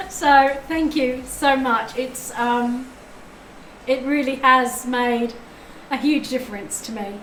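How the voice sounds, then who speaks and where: High-voiced, chatty woman tarot reader. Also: fairly even intonation, slow, fairly bright tone, roomy sound, soft background music, poor audio. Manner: effusive, chatty, thanks viewers often. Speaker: tarot reader and live streamer. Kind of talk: live-stream tarot reading chat.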